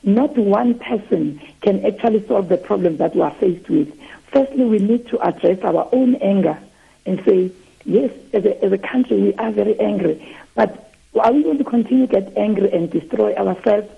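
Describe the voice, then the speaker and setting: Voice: medium pitch, creaky, husky. A trustee from South Africa calling a radio show, speaking earnestly and reflectively. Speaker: caller, trustee. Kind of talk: impassioned phone-in comment. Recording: tinny phone line.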